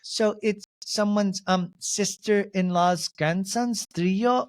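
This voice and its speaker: A man's voice: high-pitched, takes it slowly. A man hosting a solo TV recap podcast, gossipy and sarcastic as he talks through an episode. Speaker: podcast host.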